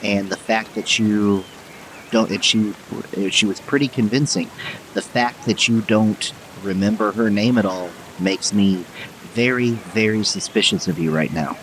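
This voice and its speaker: A man's voice: on the low side, measured pace, fairly bright tone, slight background noise, low-quality recording. A man playing a tabletop game, asking wry, suspicious questions. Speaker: player.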